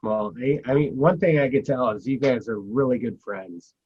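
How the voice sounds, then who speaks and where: A man's voice: medium pitch, moderate pace, darkish tone, slightly rough. A man hosting a podcast, talking in a hesitant way with many fillers, on a muffled recording. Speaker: host. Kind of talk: casual podcast chat. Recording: dull, muffled line.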